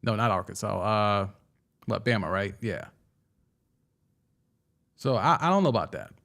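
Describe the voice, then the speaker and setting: A young man hosting a casual sports talk show, excitedly giving his takes and answering viewer comments, often restarting and stumbling over his words. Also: on the low side, measured pace, vocal fry. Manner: excitable, with frequent restarts and stammers. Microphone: studio microphone.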